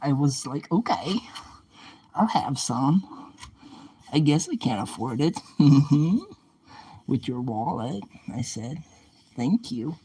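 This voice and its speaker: A young man talks casually on a livestream while he cleans, answering viewers' comments as they come in. His voice sits at an ordinary middle pitch, and he keeps up playful banter, mock-threatening the oven. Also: animated, slow, long pauses, warm tone, breathy edge, poor audio. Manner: chatty, replies to viewer comments aloud; playful trash talk to the oven.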